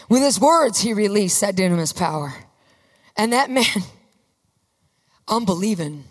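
A woman preaching a sermon with fervor, often rising to emphatic shouts. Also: mid-range voice, animated, unhurried, pauses often. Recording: long reverb of a large hall.

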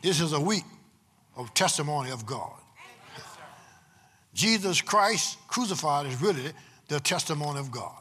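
Male preacher, slightly high pitch, husky, loud drawn-out preaching broken by fast quiet asides. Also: big-room sound. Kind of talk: sermon. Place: church sanctuary.

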